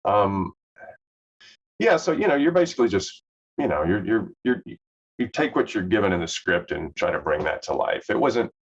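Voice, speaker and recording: Middle-aged guy, very low voice, faint southern accent, rambling and relaxed, kinda dull lo-fi sound. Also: moderate pace, breathy edge. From Southern US, Memphis. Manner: relaxed, rambling, many fillers and restarts. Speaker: actor guest. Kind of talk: casual interview chat.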